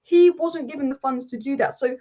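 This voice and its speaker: Woman, emphatic live football rant, high pitched, dull lo-fi audio. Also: a little fast, warm tone. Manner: passionate, emphatic, repeats points for emphasis. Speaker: football channel host.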